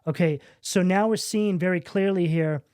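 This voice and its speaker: A man's voice: sits high, normal speed, a little mellow, clear, resonant tone, dry recording, clean studio sound. A man giving a tarot reading in a preachy, emphatic way, often asking "right?". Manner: preachy, emphatic, rhetorical questions. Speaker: tarot reader.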